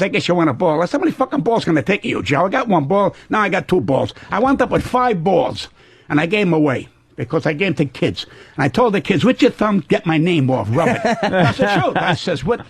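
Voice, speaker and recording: Casting: older man in his seventies, brash foul-mouthed storyteller, husky voice, high for a man, dry studio sound. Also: dry recording. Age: 70s. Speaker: comedian guest. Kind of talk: radio talk show banter. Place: radio studio.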